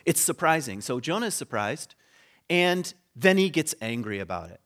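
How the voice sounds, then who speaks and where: A man delivering a relaxed, conversational sermon at a slightly higher pitch than most men. He tells the story with humor and dips into quick impressions of the characters as he goes. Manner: animated storytelling, acting out quoted voices with humor. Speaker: preacher.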